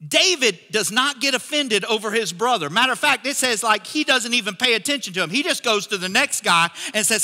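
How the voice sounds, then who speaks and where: A man preaching a sermon as a pastor, telling a story with lively acted-out dialogue. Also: very high-pitched, fairly quick, few pauses, in a large hall. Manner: animated storytelling, acts out characters in dialogue.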